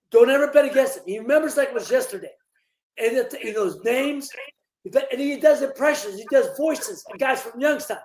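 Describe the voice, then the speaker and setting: Older guy telling stories in a live interview, lots of ums and restarts, high voice, echoey room. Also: a little mellow. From Ohio, USA. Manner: rambling, full of fillers and restarts. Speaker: interview guest, former boxer.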